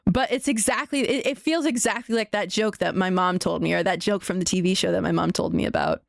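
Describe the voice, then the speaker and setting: A young woman chats on a livestream, rambling and swearing as she rants, often stopping to restart a sentence. Her voice sits at an ordinary pitch for a woman. The sound is dry and close, with no room around it. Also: fairly quick, vocal fry, dry recording. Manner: rambling, profane, animated rant with frequent restarts. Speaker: streamer. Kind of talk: casual livestream chat.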